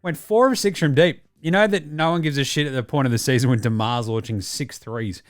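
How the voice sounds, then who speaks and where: A man's voice: medium pitch, a little fast, no echo. Casual man, dry close mic. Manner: casual, jokey, talks back to himself. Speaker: podcast host. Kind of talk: solo sports news commentary.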